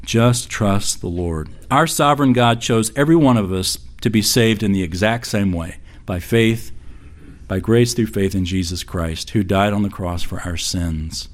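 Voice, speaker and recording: A middle-aged man preaching a sermon in a conversational, storytelling way, acting out quoted voices. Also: fairly low pitch. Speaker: pastor.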